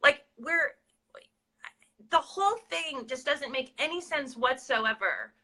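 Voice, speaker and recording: A woman's voice: high voice, lively intonation, slow, bright, forceful tone. A woman co-hosting a casual interview, indignant and rambling, with many restarts as she questions what happened. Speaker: co-host interviewing.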